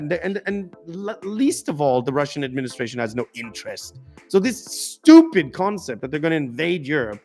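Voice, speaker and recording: A man hosting a live political talk stream, ranting emphatically and stumbling over restarts. His voice sits somewhat high for a man, with faint music in the background. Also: big pitch swings, normal speed, a little mellow. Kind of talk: casual political commentary.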